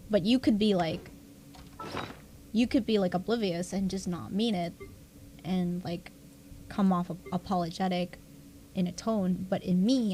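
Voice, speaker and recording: A woman's voice: mid-range voice, darkish tone, slight background noise. Rambling young woman streamer. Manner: rambling, self-deprecating, laughs often. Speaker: livestreamer. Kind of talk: casual stream chat.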